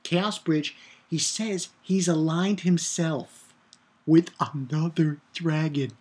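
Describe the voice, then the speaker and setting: A man giving a casual video review of an anime episode, excitable and rambling, swearing and shouting out his own reactions. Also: a little high, slow pace, breathy edge. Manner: rambling with restarts and filler.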